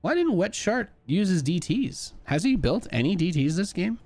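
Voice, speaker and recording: A man's voice: high voice, big pitch swings, normal speed, a little mellow, soft background music. A young man giving casual, joking commentary on an esports replay as a streamer. He swings between hype and dry asides. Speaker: streamer and caster.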